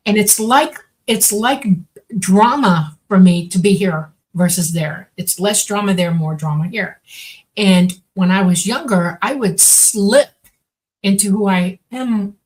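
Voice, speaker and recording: A woman's voice: mid-range voice, unhurried, darkish tone, low-quality recording. A woman co-hosting a casual interview, explaining earnestly and checking in with "okay".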